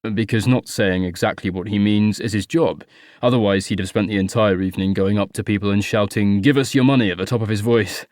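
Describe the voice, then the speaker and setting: A man reading an audiobook, voicing a composed, courteous gentleman who speaks in a measured, formal way. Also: on the low side, fairly even intonation, dry recording, studio quality, natural voice. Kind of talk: audiobook character voice.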